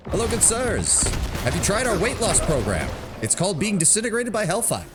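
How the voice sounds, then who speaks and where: A man putting on the high, mock-polite voice of a chirpy male salesman with a cheery pitch. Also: wildly swooping pitch, fairly quick. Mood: mock cheerful. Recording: loud game music behind the voice.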